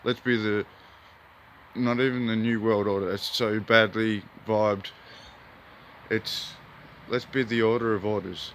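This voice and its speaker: A man's voice: lowish voice, fairly even intonation, measured pace, fairly bright tone, a little hiss or hum. An Australian man, a hobby gardener, rambling in a laid-back, spiritual way while filming in his backyard garden on a phone. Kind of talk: rambling outdoor vlog.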